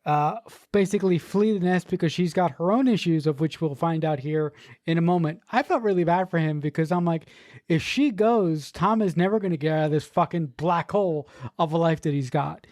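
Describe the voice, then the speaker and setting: Podcast co-host, casual film chat, rambling, restarts, swears, mid-pitch voice, dry recording. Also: brisk, a little mellow, dry recording.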